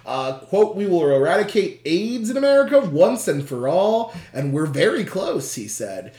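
A quiz host in casual chat, reading questions aloud, laughing often, swearing and reacting with loud dismay. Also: medium pitch, sing-song, normal speed. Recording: roomy echo.

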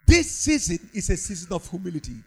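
A man's voice: sits high, sing-song, a little fast, a bit bright, breathy edge, soft background music, rough recording. A man preaching a sermon, fervent and repetitive, with a sing-song cadence.

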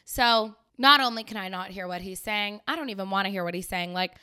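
Chatty young girl on a podcast, smooth clear voice, sarcastic, laughs a lot. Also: mid-range voice, brisk, sharp tone. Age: young adult. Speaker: podcast host. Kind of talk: casual storytelling.

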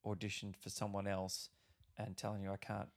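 A man's voice: on the low side, completely flat delivery, normal speed. A young man hosting a podcast, chatting casually and animatedly, swearing and laughing often. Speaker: podcast host. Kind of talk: casual chat.

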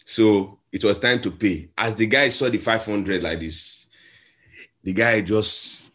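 A man's voice: lowish voice, lively intonation, moderate pace. Nigerian man preaching a sermon. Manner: storytelling, acts out voices in a story, shifts between soft and loud. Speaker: pastor.

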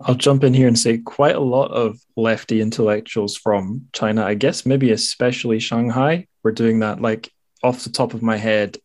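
A man's voice: medium pitch, fairly even intonation, moderate pace, darkish tone. A man hosting a podcast, chatting casually and adding hedged asides. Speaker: podcast host.

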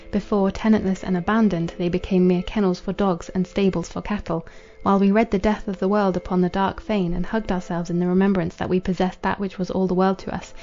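Woman reading an old novel, warm mellow voice, slow and solemn, a bit dull sounding with faint music. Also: mid-range voice. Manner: measured, solemn. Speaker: audiobook narrator. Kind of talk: scripted narration of a classic novel.

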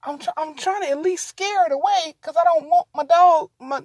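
A woman's voice: very high-pitched, moderate pace, vocal fry, hardly any pauses, a little mellow, dry recording. A woman hosting a casual solo podcast, rambling and easily distracted, talking to her listeners as y'all. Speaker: podcast host.

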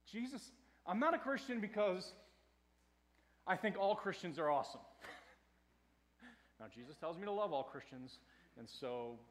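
High-voiced preaching man, hushed to loud. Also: animated, unhurried, pauses often. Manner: dynamic preaching that swings between hushed and loud; conversational with fillers and restarts. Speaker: pastor. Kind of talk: sermon.

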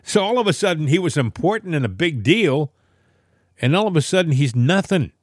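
A man's voice: fairly high pitch, animated, brisk, no room sound, studio quality. A man co-hosting a casual political talk show, telling stories in an emphatic, opinionated way. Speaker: podcast co-host.

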